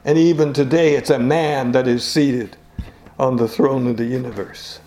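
A man's voice: medium pitch, steady tone, moderate pace, warm tone, reverberant. A man preaching a sermon, earnest and emphatic, often repeating key phrases for weight.

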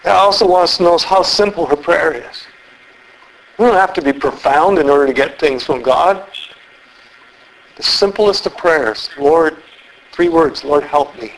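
Earnest male preacher, fairly high voice, reads scripture and presses rhetorical questions. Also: unhurried, pauses often, rough recording. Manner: earnest, asks the listeners many rhetorical questions. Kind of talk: sermon, reading and explaining scripture.

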